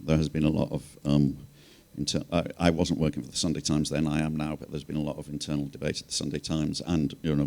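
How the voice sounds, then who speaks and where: Deep-voiced guy on a panel, wry, rambly, lots of ums and you knows. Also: gravelly, warm tone. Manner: wry, rambling, many fillers. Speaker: journalist and panel speaker. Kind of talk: panel talk, storytelling.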